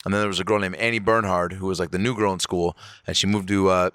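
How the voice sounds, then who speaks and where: A man from the Seattle area, a comedian guest on a podcast, telling stories in an animated, profane way and acting out quotes. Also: deep voice, quick pace, no echo, studio quality. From Seattle area, USA. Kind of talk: casual podcast storytelling.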